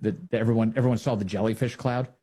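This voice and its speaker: A man hosting a political commentary show, mocking a news report in a sarcastic, animated way. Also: on the low side, fast, breathy edge.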